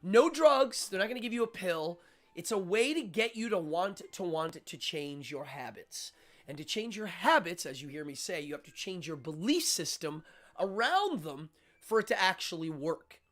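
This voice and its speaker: A man's voice: high-pitched, big pitch swings, normal speed, fairly bright tone. A man hosting a live-stream show, talking casually and rambling with frequent fillers and restarts.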